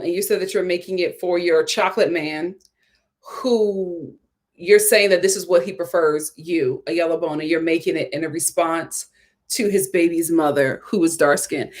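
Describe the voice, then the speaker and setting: An American woman hosting a casual commentary show, reading viewer comments and telling stories in an animated, chatty way. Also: on the low side, moderate pace. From United States. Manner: animated, storytelling. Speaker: host.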